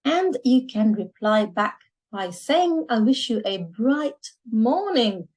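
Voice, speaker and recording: A woman from Lebanon teaching a language lesson, slowly repeating each word so learners can copy it. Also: fairly high pitch, big pitch swings, a little mellow, poor audio. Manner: slow, deliberate, repeats words for learners to copy.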